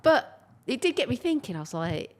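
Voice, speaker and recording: A woman hosting a podcast, telling rambling, animated anecdotes in a conversational interview. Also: a little high, normal speed, slight background noise. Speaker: podcast host.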